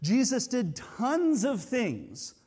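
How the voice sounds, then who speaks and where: A man's voice: extremely high pitch, huge pitch swings, slow pace, a little mellow, breathy edge. A man preaching a sermon as a pastor, talking in a conversational, explanatory way with frequent hedging asides. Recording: long hall reverb.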